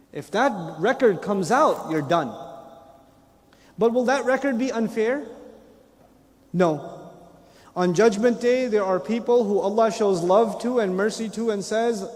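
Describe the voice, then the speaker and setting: A man's voice: high-pitched, big-room sound. A man giving a sermon with stories, acting out little dialogues and laughing often. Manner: animated, acts out dialogue and quotes in changing voices, laughs often. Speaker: preacher. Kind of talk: lecture-style sermon with storytelling.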